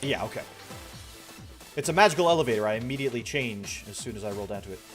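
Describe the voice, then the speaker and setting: A man's voice: mid-range voice, fast talker. A man streaming a game, chatting casually and rambling to his viewers, his throat a little strained. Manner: relaxed, rambling, talks to chat. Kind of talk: casual gaming stream chat. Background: faint background music.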